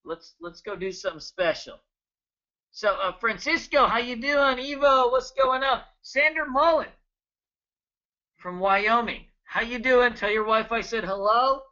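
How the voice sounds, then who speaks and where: A man in his thirties hosting a trading webinar, energetic and joking, chatting casually and greeting viewers by name. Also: extremely high pitch, a little slow, lo-fi sound. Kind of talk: casual live webinar talk.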